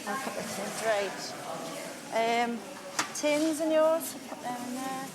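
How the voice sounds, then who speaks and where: A chatty food bank volunteer. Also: female voice, high voice, background noise. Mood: friendly. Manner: brisk, chatty, motherly. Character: kindly middle-aged female food bank volunteer.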